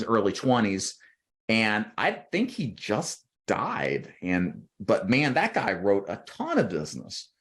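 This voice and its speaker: A man's voice: fairly low pitch, a bit bright. A man who trains insurance agents, talking through sales advice in a loose, conversational way and often checking in with "right?". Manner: conversational, frequent "right?" and "you know" tags. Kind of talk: casual advice monologue.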